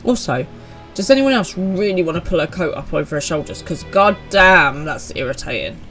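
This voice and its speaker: A woman's voice: lowish voice, expressive, moderate pace, fairly bright tone, faint music behind. A woman, chatting upbeat with viewers while streaming a game live.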